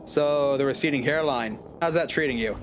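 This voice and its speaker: A man voicing a dry, unflappable detective in a game, speaking deadpan. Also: mid-range voice, moderate pace, over music, pitched below the performer's own voice, lightly acted.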